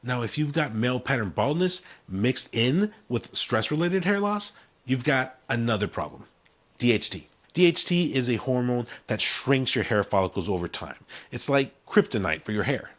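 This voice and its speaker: A man at mid pitch with a lively, rising and falling delivery, talking straight to camera. He speaks punchy and conversational and leans hard on key words. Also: normal speed. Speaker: hair-care brand founder. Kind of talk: direct-to-camera explainer.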